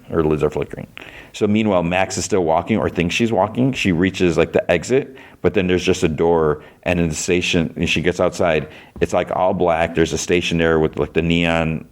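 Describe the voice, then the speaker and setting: A man hosting a podcast, recapping a TV episode in a casual, rambling way, full of fillers and restarts, acting out the characters' lines. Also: low-pitched. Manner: rambling, many fillers and restarts, acts out quotes.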